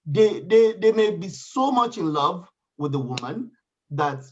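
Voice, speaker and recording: A man's voice: sits high, a little slow. A man telling a personal story in a casual panel chat, acting out what others said. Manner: animated storytelling, acts out quoted voices. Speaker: panel guest. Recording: dull lo-fi sound.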